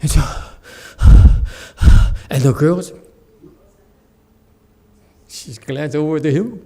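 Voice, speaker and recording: A man, a Buddhist master, giving a Dharma lecture as an animated, joking storyteller who acts out the people in his story. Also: a little high, slow pace, pauses often. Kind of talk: sermon.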